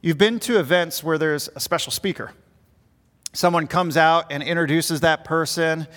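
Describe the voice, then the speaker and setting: A middle-aged man, a pastor, preaching a sermon with earnest emphasis that swells and then drops quiet. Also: on the high side, normal speed. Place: large church sanctuary. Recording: long reverb of a large hall.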